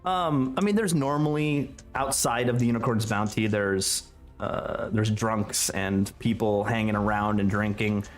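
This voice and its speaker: A man's voice: lowish voice, unhurried. A man runs a tabletop game as game master, narrating the scene in a loose, rambling way full of fillers and restarts. Faint music plays under his voice.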